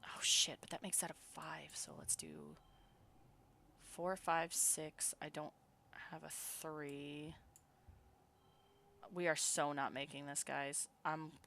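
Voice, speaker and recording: A woman streaming a game, excitable and swearing freely, muttering card counts and reading the story text aloud. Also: sits low, slow, gravelly, slight background noise.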